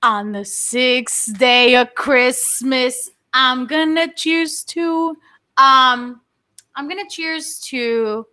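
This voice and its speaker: Tipsy woman podcast host, loud and joking, high bright voice. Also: very slow. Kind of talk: casual podcast chat.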